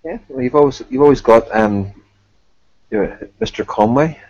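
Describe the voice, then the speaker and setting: Man, teasing, casual live-stream co-host, mid-pitched voice. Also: normal speed, a little mellow, highs cut off. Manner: teasing, jokey banter.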